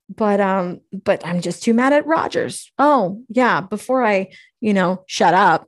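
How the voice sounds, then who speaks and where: A woman hosting her own podcast, ranting casually and profanely about football, rambling and tripping over her words. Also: mid-range voice. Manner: rambling, profane, self-deprecating, heated. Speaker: podcast host. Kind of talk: casual solo sports podcast rant.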